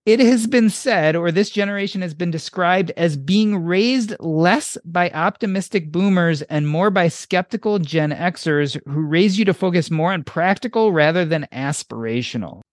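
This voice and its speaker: Podcast host with a dry, close sound. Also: male voice, high-pitched, normal speed, hardly any pauses, no room sound. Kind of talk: interview questions.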